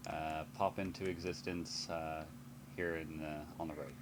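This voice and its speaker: A man running a tabletop game as game master, halting and casual. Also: very deep voice, little pitch movement, noisy background.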